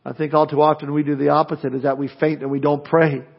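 A man's voice: fairly high pitch, flat delivery, quick pace, creaky. A male pastor preaching a sermon in an earnest way, full of rhetorical questions and folksy humor, on a dull lo-fi recording.

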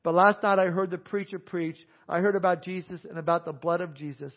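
A man's voice: sits high, steady tone, a little fast, voice pushed up. A preacher acting out a remorseful gambler pleading for hope, his voice raised and emphatic. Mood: tearful. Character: remorseful grown man, gambler and saloon keeper, pleading. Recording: dull lo-fi sound.

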